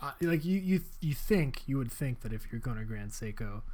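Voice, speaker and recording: A man's voice: mid-range voice, lively intonation, normal speed, a little mellow, a little hiss or hum. A man co-hosting a casual podcast, easygoing and dry, with a ready laugh. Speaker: podcast co-host.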